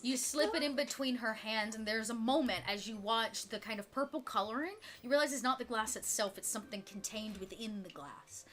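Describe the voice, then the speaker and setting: A woman narrating a tabletop role-playing game as game master, soft and unhurried, with frequent fillers. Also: a little high.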